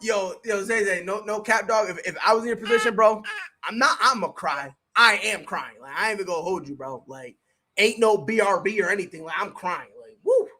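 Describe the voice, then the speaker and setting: A streamer giving casual live play-by-play commentary, slangy and excitable, chatting with viewers between plays. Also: mid-range voice, brisk. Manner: excitable, bursts into shouted reactions and laughter. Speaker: sports streamer.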